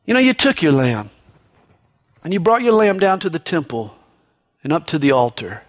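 A man preaching a sermon in a conversational way, often adding "you know", raising his voice for emphasis and dropping it low and slow on solemn points. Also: sing-song.

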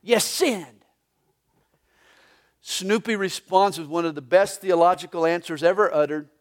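High-voiced male pastor preaching. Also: fairly even intonation, a little fast. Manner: storytelling with jokes and anecdotes. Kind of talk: sermon. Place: church sanctuary during a live service.

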